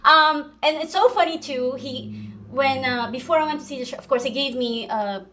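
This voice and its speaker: A woman hosting a podcast in casual chat, animated, laughing often and swearing freely. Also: high voice, moderate pace, a little hiss or hum. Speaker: podcast host.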